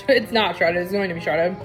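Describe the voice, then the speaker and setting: A woman's voice: on the low side, moderate pace, soft background music. A middle-aged woman chatting casually to viewers while cooking in her home kitchen. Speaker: cooking vlogger.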